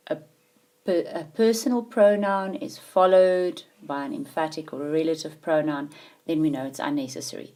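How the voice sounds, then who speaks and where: Low-voiced woman teaching grammar. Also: a little mellow. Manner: patient, emphatic, checks understanding with questions. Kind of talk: grammar lesson.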